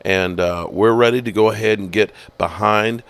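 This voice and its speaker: A man doing an impression of a middle-aged football team executive, talking in a low, subdued voice with halting delivery and many uh fillers. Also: steady tone, gravelly, fairly bright tone, clear, resonant tone. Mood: sheepish.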